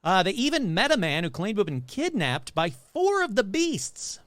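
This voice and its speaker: A man hosting a podcast, reading paranormal news in a jokey, animated way and tripping over words. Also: sits high, moderate pace, dry recording. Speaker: podcast host. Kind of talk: casual paranormal news commentary.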